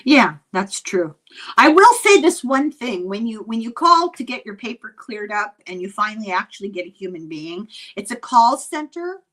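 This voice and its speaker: A woman's voice: fairly high pitch, normal speed. An older Irish woman chatting casually as co-host, sympathetic and a little scattered. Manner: animated, sympathetic, trails off while searching her knitting. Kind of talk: casual chat.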